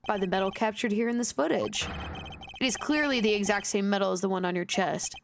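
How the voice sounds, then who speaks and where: A woman's voice: medium pitch, gravelly, background noise, close to an everyday voice. Woman reading as a confident male prosecutor. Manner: measured, formal courtroom delivery. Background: game music.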